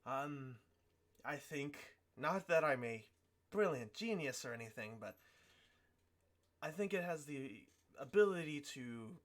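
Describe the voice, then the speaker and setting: A man voicing a proud veteran fighting grandmaster, a brisk mentor who rambles with halting fillers. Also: a little high, animated.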